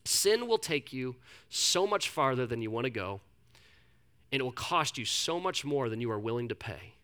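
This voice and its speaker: A man's voice: mid-range voice, sing-song, normal speed, bright, forceful tone, smooth. A young man preaching a sermon, telling candid personal stories with frequent restarts and repetitions. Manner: candid, self-deprecating storytelling with many restarts. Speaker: pastor.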